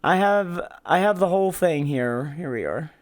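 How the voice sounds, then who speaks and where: A man's voice: a little high, animated, normal speed. A man hosting a casual podcast, rambling and laughing, with many restarts. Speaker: podcast host.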